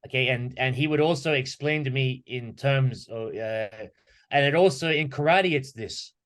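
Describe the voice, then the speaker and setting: A man guesting on a podcast, speaking at a middle pitch in a lively, storytelling way. He keeps slipping into quoted questions and voices as he talks. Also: moderate pace. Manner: animated storyteller who acts out quoted questions. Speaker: podcast guest, martial arts instructor. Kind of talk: conversational podcast talk.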